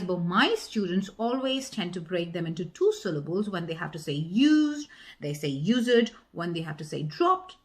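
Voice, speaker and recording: A woman teaching an online English lesson, chatty and playful, sounding out consonants as she explains. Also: on the low side.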